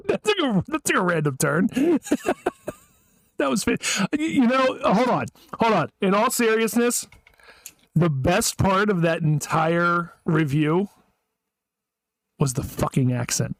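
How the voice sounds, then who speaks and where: High-voiced excitable man hosting a podcast. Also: measured pace, no echo, poor audio. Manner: excitable, rambling, repeats words. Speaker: podcast host. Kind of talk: casual chat.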